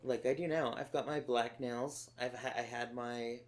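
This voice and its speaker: A man's voice: mid-range voice, fairly even intonation, moderate pace. A man from Los Angeles, a podcast co-host telling stories in a sardonic, profane way. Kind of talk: casual chat.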